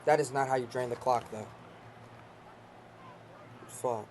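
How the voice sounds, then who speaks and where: A young man streams himself playing a football game, talking loosely to his viewers and a friend. He jokes, curses, and breaks into loud excited outbursts at big plays. A faint hiss runs under the recording. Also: medium pitch, takes it slowly. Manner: joking, swearing, excitable outbursts. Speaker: gaming channel host. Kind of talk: casual gameplay commentary.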